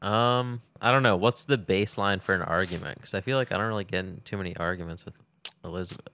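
A man's voice: low voice, quick pace, bright, forceful tone. A man co-hosting a podcast, chatting in a laid-back, easygoing way. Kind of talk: casual chat.

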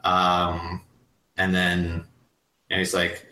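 Brief: man running a tabletop game, mid-pitched and rambling, echoey room. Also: monotone, very slow, bright, forceful tone, distant mic, soft background music. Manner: loose, rambling narration. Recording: roomy echo.

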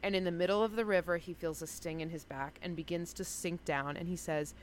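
A woman's voice: on the low side, steady tone, brisk, few pauses, slight background noise. A woman co-hosting a podcast, chatting casually and telling stories with playful acted-out quotes. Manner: playful storyteller, acts out quoted lines. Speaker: podcast co-host. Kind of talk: casual chat.

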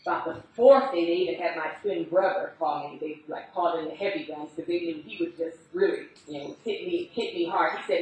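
A woman preacher telling a testimony in a sermon, acting out the people she quotes in lively storytelling. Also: on the low side, fairly quick, hardly any pauses. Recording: very echoey hall, speaker far from the mic.

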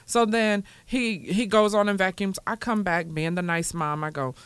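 A woman in her forties on a casual podcast, telling stories with lively, raised voices for the people she quotes. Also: mid-range voice, moderate pace, clear, resonant tone, no room sound. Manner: animated storyteller, acts out quotes in a raised voice. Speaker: podcast co-host. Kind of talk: casual chat.

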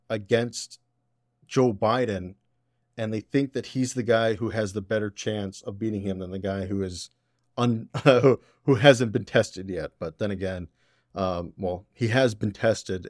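Man, podcast host, political commentary, lowish voice, dry close sound, opinionated. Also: darkish tone, dry recording. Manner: opinionated, sarcastic, quick asides.

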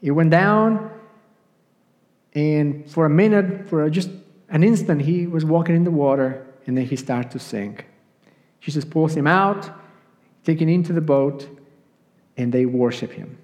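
High-voiced male preacher in a reverberant church. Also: measured pace, long pauses. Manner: animated storytelling, acting out the quotes he tells. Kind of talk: sermon. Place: church sanctuary. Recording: long church hall reverb.

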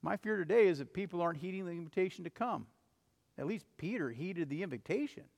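A man's voice: expressive, fast talker, gravelly. Earnest preacher man in reverberant church. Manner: earnest preaching, rising to urgent cries and dropping to soft, low passages. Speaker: pastor. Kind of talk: sermon.

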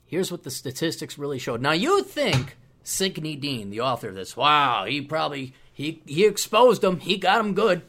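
A man hosting his own podcast, giving shout-outs and opinionated commentary in a rambling, casual way. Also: fairly high pitch, very animated, moderate pace. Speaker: podcast host.

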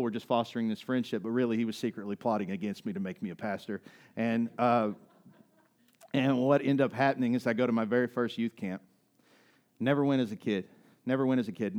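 Guy preaching a sermon, tells stories, gets loud and high then soft and teary. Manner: storytelling with quick rises in pitch and drops to soft emotional asides. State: near tears at times. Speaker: pastor.

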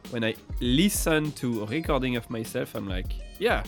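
A man with a French accent, a native French speaker, co-hosting a podcast in casual chat with dry, deadpan humor. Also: medium pitch, moderate pace, soft background music. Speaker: podcast co-host.

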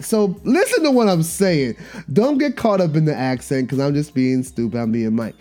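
A man hosting a podcast, telling a story in a casual monologue, animated and slangy, often repeating himself. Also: a little high, moderate pace, faint music behind. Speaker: podcast host.

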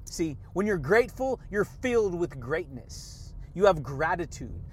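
High-voiced excitable male podcast host. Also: measured pace, slight background noise. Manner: excitable, laughs often, catchphrases like "yeah, buddy" and "baby"; preachy, repetitive pep talk. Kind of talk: motivational podcast monologue.

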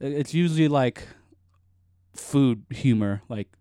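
A young man chatting casually on a podcast, laid-back and loose with his words. His voice is smooth and resonant, at a middle pitch. The sound is dry and close, with no room in it. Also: unhurried, warm tone, no echo. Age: young adult. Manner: laid-back, swears freely, laughs often. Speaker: podcast co-host. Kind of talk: casual chat.

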